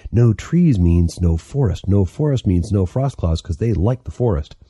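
A man's voice: low-pitched, expressive, normal speed, mellow, breathy edge, dry recording, studio quality, voice pushed up. A man voicing a worn-out pleading youth. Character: anxious exhausted young man apprentice. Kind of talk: audiobook character reading.

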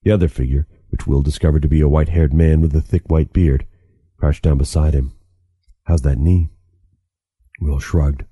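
A man reading his own novel aloud as an audiobook, measured and dramatic. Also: extremely low pitch, steady tone, dark tone, breathy edge, no echo, clean studio sound. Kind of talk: audiobook narration.

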